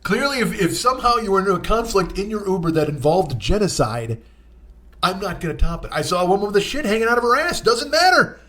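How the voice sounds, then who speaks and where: A man's voice: high-pitched, expressive, fast talker, sharp tone. A man in his forties, a comedian hosting his own podcast, telling a rambling, profane story. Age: 40s. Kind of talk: comic storytelling monologue.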